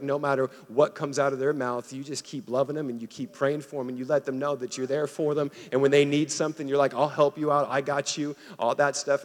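A young man preaching a sermon, casual and conversational, calling on the congregation to answer back. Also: mid-range voice. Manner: casual, conversational preaching with audience call-and-response. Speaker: pastor. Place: church auditorium. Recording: long hall reverb.

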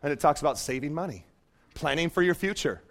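A man preaching a fervent sermon as pastor in a church, moving from quiet asides to shouted commands. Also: a little high, expressive, quick pace.

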